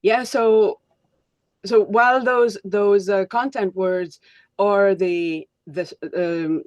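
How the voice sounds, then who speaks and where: A woman's voice: medium pitch, a little mellow, no room sound, highs cut off. Hesitant woman leadership coach, dry sound. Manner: hesitant, many ums and restarts. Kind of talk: online workshop presenting.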